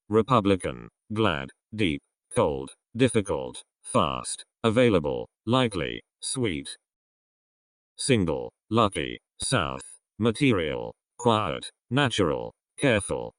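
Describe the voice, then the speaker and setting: A deep-voiced man reads single English words slowly and deliberately, his pitch rising and falling widely from word to word. The sound is dry and close, with no room around it. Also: no echo. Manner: slow, isolated words with pauses. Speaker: vocabulary reader. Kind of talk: reading an English word list.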